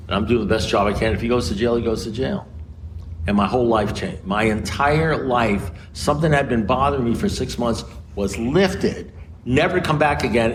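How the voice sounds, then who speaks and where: An American man speaking at a recovery meeting, telling a story and acting out both sides of a conversation with big swings in pitch. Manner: animated, acts out dialogue with swings in pitch. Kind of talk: storytelling talk. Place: meeting room. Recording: noisy room recording.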